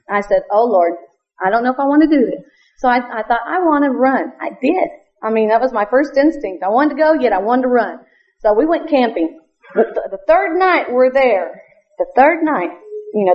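Woman, fairly high voice, earnest missionary testimony with frequent laughs, muffled lo-fi recording. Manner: earnest, laughs often, quotes scripture in King James wording. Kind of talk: church testimony. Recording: dull lo-fi recording.

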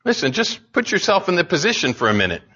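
A man preaching a sermon in an animated, conversational way, repeating lines for emphasis. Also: high-pitched, fast talker, breathy edge, lo-fi sound. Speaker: pastor.

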